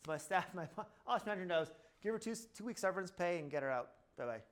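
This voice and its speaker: A man's voice: sits high, expressive, quick pace. Chatty man telling practice stories. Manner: storytelling with acted-out quotes, repeats "blah, blah". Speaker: chiropractor speaking at a seminar. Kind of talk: casual talk to a room.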